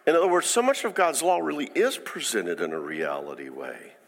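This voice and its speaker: A man's voice: medium pitch, expressive, creaky. Man teaching in a reverberant hall. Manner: conversational, halting, with frequent restarts. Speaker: counselor. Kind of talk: informal faith-based teaching talk.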